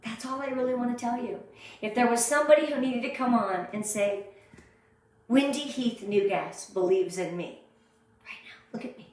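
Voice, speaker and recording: A woman's voice: a little high, normal speed, darkish tone, distant mic. A middle-aged woman giving a heartfelt, chatty motivational training talk to her sales team, laughing often. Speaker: direct sales team leader. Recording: very echoey room, away from the mic.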